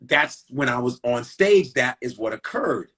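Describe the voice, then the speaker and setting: A man's voice: medium pitch, animated, measured pace, a bit bright. A middle-aged man from Chicago, a comedian, telling a profane story in casual chat and acting out the quotes. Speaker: comedian guest.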